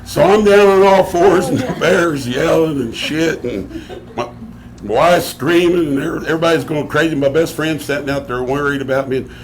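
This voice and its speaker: A man telling a comic story on stage, animated, laughing through it and swearing freely. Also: fairly high pitch, moderate pace. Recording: live crowd noise around the voice.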